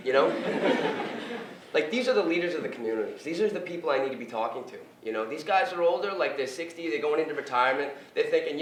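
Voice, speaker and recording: A man giving an animated, blunt recovery talk in a lecture room, joking and swearing as he goes. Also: mid-range voice, fairly quick. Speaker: guest speaker on addiction recovery. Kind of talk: informal public talk. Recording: echoey room, distant mic, faint noise.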